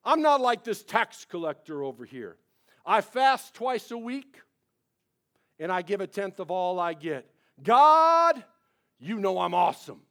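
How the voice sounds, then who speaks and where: A man voicing a pompous, self-righteous Pharisee who prays loudly and boasts in a high, strained voice. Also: big pitch swings, unhurried, heavily acted. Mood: smug boasting. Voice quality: loud, showy, high strained voice. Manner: boastful, declaiming.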